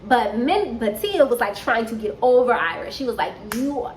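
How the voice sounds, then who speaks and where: A woman's voice: a little high, moderate pace. A woman in her twenties telling a story casually and animatedly on her vlog, acting out what people said. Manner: animated, dramatic retelling with quoted voices. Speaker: storytime vlogger. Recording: roomy echo with faint background hum.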